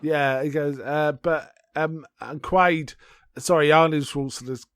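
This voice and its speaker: A man with a fairly high voice rambles through a film plot in casual podcast chat. He fills gaps with ums and acts out the lines, recorded on a dry, close mic. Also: steady tone, unhurried, a bit bright, clear, resonant tone, no echo. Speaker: podcast co-host.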